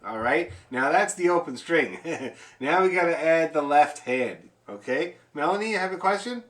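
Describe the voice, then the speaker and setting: A man's voice: on the high side, lively intonation, normal speed, fairly bright tone. Chatty man teaching fiddle online. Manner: encouraging, chatty, explains with demonstrations. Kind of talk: online music lesson. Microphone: video call.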